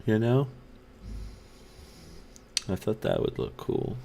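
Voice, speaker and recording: A man's voice: on the low side, huge pitch swings, slow pace, gravelly, warm tone. A man chatting casually on a live stream just after having his wisdom teeth out, a rambling storyteller who laughs a lot.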